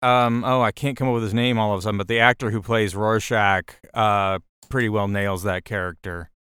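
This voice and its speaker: A male podcast co-host who gives his opinions in a measured, reviewing tone. His voice is exceptionally smooth and clear, and it is recorded dry with no room echo. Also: on the low side, fairly even intonation, fairly bright tone. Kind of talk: casual chat.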